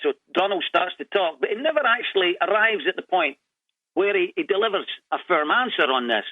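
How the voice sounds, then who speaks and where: A man's voice: high voice, expressive, brisk, no room sound. A man co-hosting a radio talk show, questioning the host and playing devil's advocate. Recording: tinny phone-line sound, dry.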